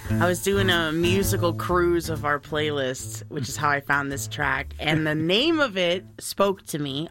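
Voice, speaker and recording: A woman hosting a radio show, talking in a relaxed, casual way with fillers and restarts. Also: low-pitched, a little slow, soft background music. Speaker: radio host.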